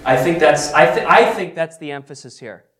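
A man's voice: fairly high pitch, expressive, normal speed, a bit bright. A man teaching an interactive Bible study, asking the group questions and repeating their answers. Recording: echoey room with background noise.

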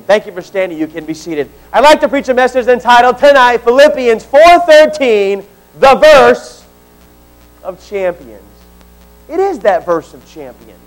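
A man's voice: very high-pitched, very animated, a little slow, faint music behind, rough recording. A man preaching a sermon to a church congregation, talking conversationally and joking with the people in the room. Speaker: pastor. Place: church sanctuary.

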